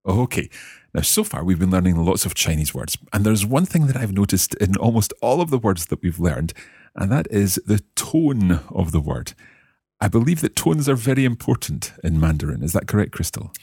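A man hosting a podcast language lesson, asking questions and slowly repeating new phrases to practise them. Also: low voice, big pitch swings, darkish tone, breathy edge, no echo, clean studio sound. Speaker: language lesson host and learner.

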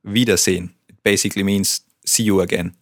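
A young man from Bavaria with a German accent, tutoring as a native speaker and giving short, clear model pronunciations. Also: sits low, fairly even intonation, brisk, dry recording, studio quality.

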